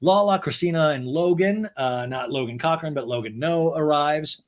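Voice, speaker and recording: A man's voice: a little high, moderate pace. A man hosting a podcast, recapping reality TV in a chatty, jokey way. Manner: chatty, jokey, acts out every line. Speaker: podcast host. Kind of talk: reality TV recap, casual chat.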